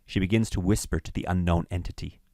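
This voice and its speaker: A man narrating a screenplay's stage directions in a measured, matter-of-fact way. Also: low voice, fairly even intonation, vocal fry, mellow, dry recording, studio quality.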